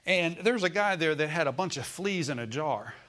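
A man's voice: fairly high pitch, animated, moderate pace, sharp tone. An older man preaching a sermon in a folksy, rambling way, climbing to emphatic declarations when he quotes scripture.

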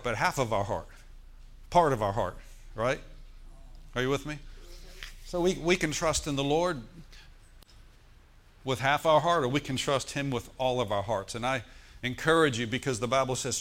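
A man preaching a sermon in a church. He speaks at an ordinary middle pitch and often turns to the congregation with questions for them to answer. He slows down to lead them through scripture line by line. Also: a bit bright. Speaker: pastor.

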